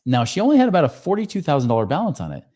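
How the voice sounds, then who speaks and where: A man's voice: on the high side, wildly swooping pitch, racing, dark tone. A man hosting a finance podcast, walking through loan numbers in an emphatic, explanatory way. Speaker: podcast host, financial advisor.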